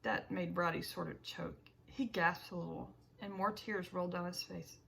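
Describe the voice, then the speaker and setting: A woman narrating an audiobook in the first person, with a measured reading and small self-corrections. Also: fairly low pitch, fairly even intonation, creaky, a bit bright, slightly rough, low-quality recording.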